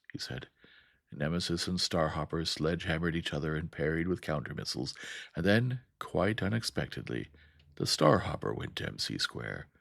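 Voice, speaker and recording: A man narrating a science fiction audiobook in a calm, steady way. His voice sits very low with a gravelly rasp. The sound is close and completely dry. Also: dry recording.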